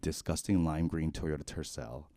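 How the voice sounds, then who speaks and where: A man's voice: very deep voice, moderate pace. A man around forty co-hosting a podcast, telling a personal story in a rambling, casual way full of "like". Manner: rambling, heavy use of "like", animated, then quiet and shaken. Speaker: podcast co-host.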